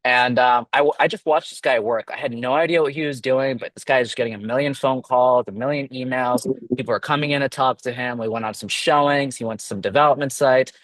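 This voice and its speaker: A man in his twenties, a real estate agent, telling his story in a casual, animated way, acting out quoted dialogue as he goes. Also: medium pitch, fast, dry recording. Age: 20s.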